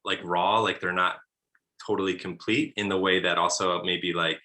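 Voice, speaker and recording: A male film director in a casual Q&A, relaxed and full of "like" and "you know". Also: deep voice, moderate pace, rough recording. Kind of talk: casual post-screening Q&A.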